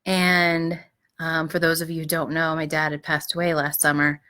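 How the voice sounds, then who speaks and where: A middle-aged woman hosting a live advice show, speaking gently and reflectively, with frequent fillers and restarts, clearing her throat now and then. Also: low voice, completely flat delivery, moderate pace. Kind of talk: live-streamed advice talk.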